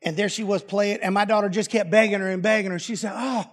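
A man's voice: high voice, steady tone, fast talker. A middle-aged man preaching, telling family stories in a folksy, plainspoken and humorous way. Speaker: pastor. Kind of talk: storytelling sermon.

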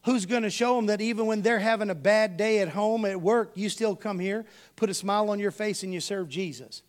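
Guy preaching, high voice, tells folksy stories to the church. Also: a little fast. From Texas. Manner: folksy storytelling, addresses the congregation as y'all. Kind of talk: sermon with personal stories.

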